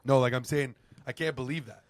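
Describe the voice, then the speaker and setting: A man's voice: medium pitch, fairly even intonation, dry recording. Jokey man in casual podcast banter. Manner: jokey, quick to laugh, tells anecdotes. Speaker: podcast co-host. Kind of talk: casual chat.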